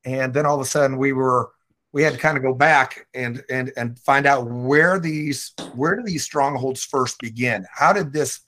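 A man's voice: medium pitch, normal speed, pushed and bright. A man who is a guest minister, earnestly telling stories in a conversational ministry talk.

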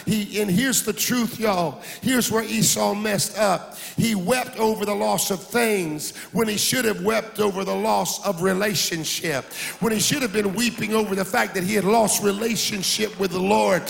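A male pastor preaching a sermon in a sing-song cadence that climbs into shouts. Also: high voice, fairly even intonation, moderate pace, gravelly. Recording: hall reverb with faint music.

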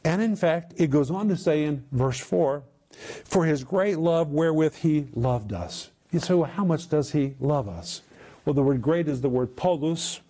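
A male preacher delivering a teaching sermon. His voice sits a little high but sounds dark and mellow. He unpacks the meanings of Greek words and stresses key points by repeating them. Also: expressive, normal speed. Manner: expounds Greek word meanings with emphatic repetition.

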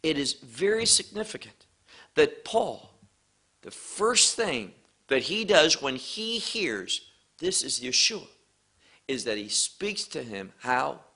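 A man preaching a sermon, teaching from scripture with slow, emphatic phrasing. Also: a little high, very animated, pushed and bright, breathy edge.

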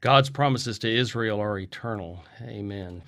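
A man hosting an interview, asking measured, leading questions. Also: lowish voice, fairly bright tone. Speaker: interview host.

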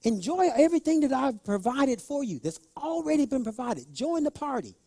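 Gentle pleading father, hushed and coaxing, high voice, put on by a male preacher. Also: big pitch swings, moderate pace, dry recording, heavily acted. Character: gentle father pleading with his grown son.

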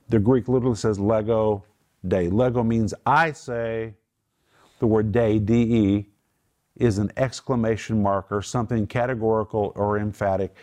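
A man's voice: on the low side, fairly even intonation, normal speed, a little mellow. A middle-aged man hosting a Bible teaching group, preaching earnestly, praying aloud and patiently explaining the meaning of words. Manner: earnest, emphatic preaching that moves into spoken prayer.

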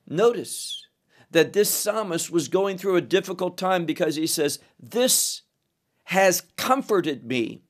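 A man teaching scripture verse by verse, speaking deliberately and asking his listeners questions. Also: on the high side. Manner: slow, deliberate, with rhetorical questions. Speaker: Bible teacher.

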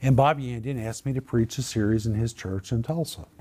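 A man, a Christian minister and author, telling a personal testimony as an earnest, animated storyteller. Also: mid-range voice, brisk, slightly rough.

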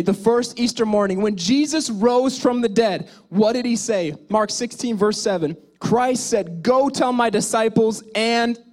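Dramatic male pastor preaching. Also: high voice. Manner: dramatic, swings between loud exhortation and quiet asides; speaks directly to the congregation. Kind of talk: sermon.

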